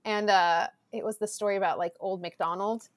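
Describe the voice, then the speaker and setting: A woman in her twenties, a podcast guest, telling animated family stories, laughing often and acting out quotes. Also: mid-range voice, a little fast. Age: 20s. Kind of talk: casual storytelling chat.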